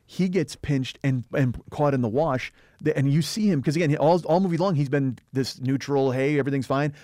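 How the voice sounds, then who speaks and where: A man co-hosting a podcast, retelling film scenes in a fast, animated, profane way in casual discussion. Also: fairly high pitch, dry recording, studio quality. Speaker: podcast co-host.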